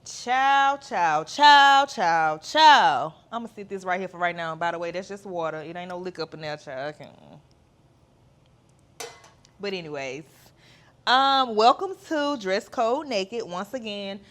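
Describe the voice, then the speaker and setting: A woman's voice: medium pitch, normal speed, fairly bright tone. A woman, hosting a podcast in a candid, chatty monologue with playful asides. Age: 30s. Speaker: podcast host.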